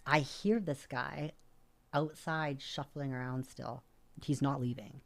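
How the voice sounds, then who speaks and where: A young adult woman from Canada, a podcast guest telling a story in a casual, animated way, with plenty of swearing and filler words. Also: low-pitched, takes it slowly, creaky.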